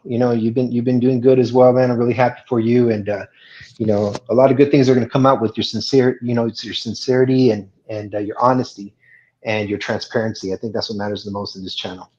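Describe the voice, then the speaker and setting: A man speaks earnestly as a guest in a live chat, halting and restarting as he works through his thoughts. His voice sits at a middling pitch, and the sound is dull and lo-fi. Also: steady tone, a little mellow.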